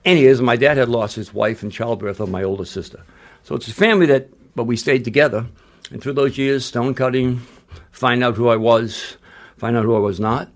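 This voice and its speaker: An older man, a retired basketball coach, tells stories in a casual interview, speaking fairly quickly in a medium-pitched voice. He is blunt and rambling, restarts often, and uses salty language.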